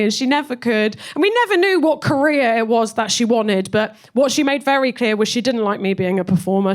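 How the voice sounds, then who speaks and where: Young woman from Cornwall, stand-up comic, chatty and self-mocking, slightly high voice. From Cornwall, England. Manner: animated, self-deprecating, chatty asides to the crowd. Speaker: stand-up comedian. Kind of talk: stand-up comedy set.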